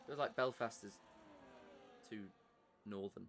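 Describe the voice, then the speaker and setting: A man's voice: medium pitch, moderate pace, a bit bright, slight background noise. A man with an English accent giving live commentary on an online racing league, chatty and answering viewer messages between race updates.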